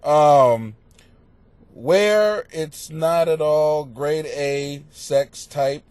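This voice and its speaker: A man hosting a comedy podcast, reading out listener questions and answering them in a crude, profane, mocking rant that swings into yelling. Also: fairly high pitch, extremely slow, smooth, no room sound. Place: home basement.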